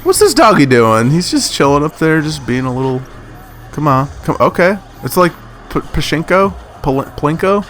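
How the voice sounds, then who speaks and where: A man's voice: a little high, big pitch swings, normal speed, fairly bright tone, faint music behind. A man giving casual, rambling commentary over his own gameplay footage, full of fillers and self-corrections. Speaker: gaming commentator.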